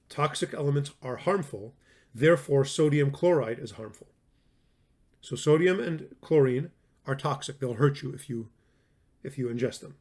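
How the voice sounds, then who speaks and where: A man's voice: medium pitch, darkish tone. A man giving a recorded classroom lecture on logic, talking in a conversational way, stressing words for emphasis and often restarting his sentences.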